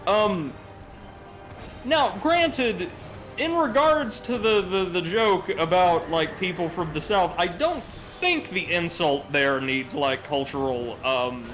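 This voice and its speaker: A man with a slightly high voice chats casually on a live stream. He reads viewers' messages aloud and riffs on them with a joking delivery. Faint music plays underneath. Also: expressive, takes it slowly, a bit bright. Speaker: co-host reading chat.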